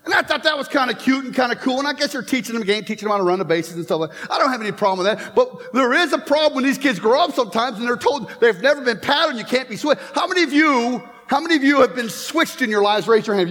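A man's voice: extremely high pitch, a bit bright, long reverb tail. A man in his fifties preaching a sermon in a church, telling stories and joking with the congregation. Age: 50s. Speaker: pastor. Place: church sanctuary.

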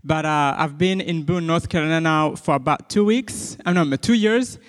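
A young man from Rwanda with a Rwandan accent, giving a personal testimony to an audience in a halting, friendly way with many fillers and restarts. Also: on the high side. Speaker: guest speaker. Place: large hall with an audience. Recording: long hall reverb.

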